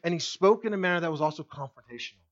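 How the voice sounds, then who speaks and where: A male pastor delivers a sermon with lively, animated preaching. He swings between loud emphasis and near-hushed asides and keeps turning to the congregation with questions. The recording sounds a bit dull and muffled. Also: very fast. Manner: animated preaching with wide swings in pitch and loudness; asks the congregation questions directly.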